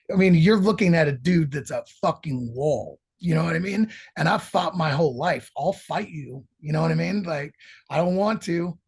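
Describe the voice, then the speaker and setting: A middle-aged man with a husky, slightly raised voice tells rambling road stories full of swearing. His delivery is animated and loose, a musician guest in a casual interview. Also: a little high, moderate pace. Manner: profane, rambling, animated storytelling.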